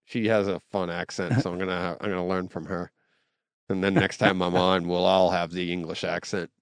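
A man hosting a casual podcast, upbeat and animated and quick to laugh. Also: low-pitched, clean tone, dry recording, clean studio sound. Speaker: podcast host.

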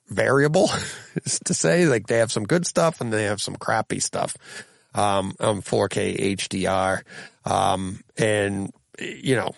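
A man with a gravelly, fry-edged voice at an ordinary pitch talks his way through listener comments for his podcast. He rambles, restarts his sentences and chuckles often. The sound is dry and close, with little room around it. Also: dry recording. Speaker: podcast host. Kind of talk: casual podcast chat reading listener comments.

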